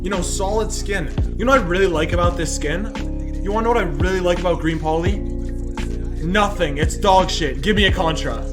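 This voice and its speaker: A man giving excitable, swearing commentary while unboxing items in a game, yelling at the spins. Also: high-pitched, normal speed, over music. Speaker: gaming YouTuber.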